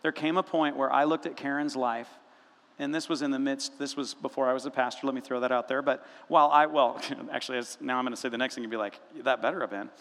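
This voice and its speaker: A man preaching a sermon as a pastor, telling stories in an animated, humorous way in a church sanctuary. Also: medium pitch, quick pace. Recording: long reverb of a large room.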